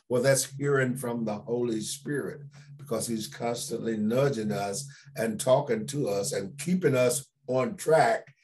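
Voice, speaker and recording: Man pastor doing sunday school, mid pitch, slow steady teaching, repeats words, quizzes the class. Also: slightly rough. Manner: unhurried, repeats key words for emphasis, asks the class questions.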